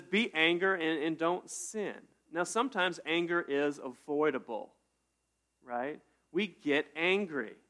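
A man's voice: fairly high pitch, sharp tone. A man preaching a sermon as pastor, in a conversational way with rhetorical questions.

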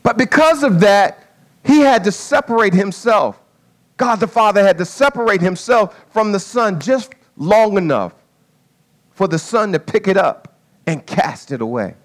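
A man preaching a sermon with an object lesson, in a folksy way that swings from quiet asides to loud dramatic calls. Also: sits high, expressive, a little slow.

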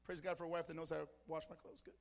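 In a large hall, a Mexican pastor preaches very fast to his congregation, his slightly high voice creaky and flat in delivery. The sermon is fervent storytelling in short, punchy phrases at a church service.

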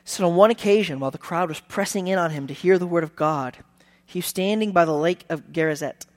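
A man's voice: fairly high pitch, brisk. A man preaching a sermon in a conversational, emphatic way, acting out the people he quotes. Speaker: pastor.

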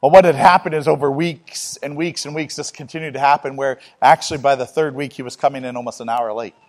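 A male preacher delivering a sermon in a plain, mid-pitched voice. He talks to the congregation in an earnest, conversational way and builds his points from everyday stories. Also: steady tone, fast. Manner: conversational, earnest, with personal anecdotes.

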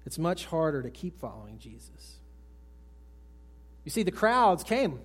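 A man preaching a sermon with a fairly high voice. He talks straight to the congregation with questions, then drops to a soft hush for the tender lines. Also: very animated, normal speed. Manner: swings from raised emphatic lines to hushed soft ones; asks the congregation direct questions. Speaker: pastor. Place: church service with congregation.

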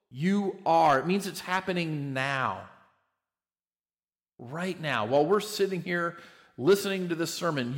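Preacher guy, kinda high voice, chatty sermon, says "right?" a lot. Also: fairly bright tone. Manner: conversational, repeats words, frequent "right?". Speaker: pastor.

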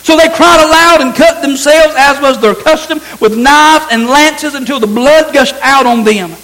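High-voiced man preaching a sermon. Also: moderate pace, bright, forceful tone, rough recording. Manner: preaching with rising emphasis, repeating "listen". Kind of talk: sermon with scripture reading.

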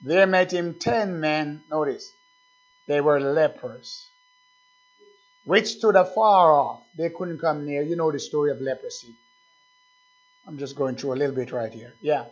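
High-voiced slow fervent male preacher. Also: lo-fi sound. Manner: preaching with rising, fervent calls and quiet asides. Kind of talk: sermon.

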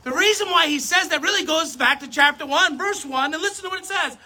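A preacher giving a sermon, talking straight to the audience, swinging between loud emphasis and soft asides. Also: extremely high pitch, brisk. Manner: addresses the audience directly, self-correcting.

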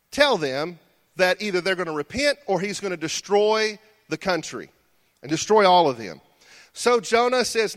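A man preaching a sermon, telling the story in an animated way and swinging between hushed and loud lines. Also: sits high.

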